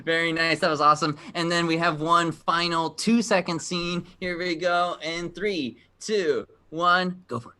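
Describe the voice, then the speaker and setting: A man's voice: a little high, fairly even intonation, measured pace, hardly any pauses, background noise. A man hosting a live virtual game show over a video call, upbeat and encouraging as he explains the rules.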